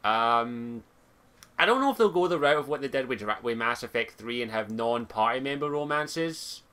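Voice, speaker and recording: A man's voice: mid-range voice, lively intonation, moderate pace, sharp tone, smooth. A man with a Scottish accent hosting a casual podcast chat, joking and laughing often. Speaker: podcast host.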